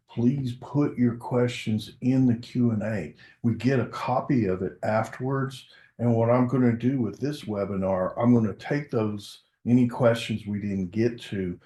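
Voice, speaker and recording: A man with a low, mellow voice runs a corporate webinar. He talks in a relaxed, conversational way and leans on frequent "um"s. The sound is roomy, with a noticeable echo around him. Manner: casual and conversational, many "um" fillers. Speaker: webinar presenter, product success manager.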